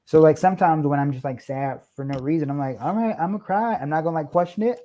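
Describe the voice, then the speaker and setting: Young guy on a podcast, super expressive, does little voices when he tells stories. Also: fairly high pitch, fast talker. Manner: animated storyteller acting out quoted lines. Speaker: podcast guest. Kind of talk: casual chat.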